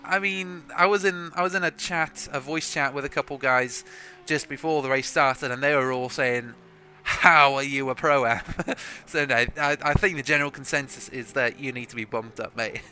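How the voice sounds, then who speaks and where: Bright-voiced chatty male race commentator. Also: medium pitch, steady tone, normal speed, slight background noise. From South Africa. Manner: chatty, joking, self-deprecating, laughs often. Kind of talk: live sim racing commentary.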